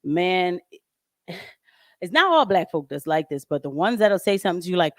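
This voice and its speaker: A woman host in a casual podcast chat, speaking, animated and laughing often. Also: on the low side, normal speed, no echo, studio quality.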